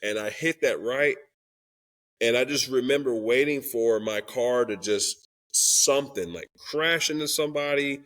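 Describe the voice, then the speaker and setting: A young man talks earnestly and with feeling in a candid interview, pitched at a middle level. He drops into the voices of the people in his story as he tells it, and his delivery stays open and heartfelt. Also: unhurried, fairly bright tone. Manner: earnest and emotional, acts out quoted dialogue. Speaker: podcast guest, Christian rapper.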